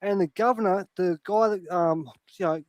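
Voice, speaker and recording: Swearing, animated man ranting, dry sound. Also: high-pitched, moderate pace, no room sound. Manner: heavy swearing, animated rants. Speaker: podcast panel host. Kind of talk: casual chat.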